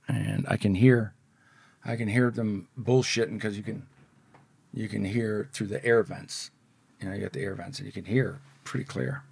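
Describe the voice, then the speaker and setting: A man's voice: on the low side, gravelly, darkish tone, breathy edge, no room sound. A middle-aged man telling a blunt, profane story as a podcast guest. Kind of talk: storytelling in an interview.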